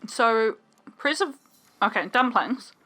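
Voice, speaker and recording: A woman's voice: on the high side, lively intonation, takes it slowly, bright, forceful tone. A woman co-hosting a game let's play, chatting and reading game text aloud with jokes. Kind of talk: casual gameplay chat.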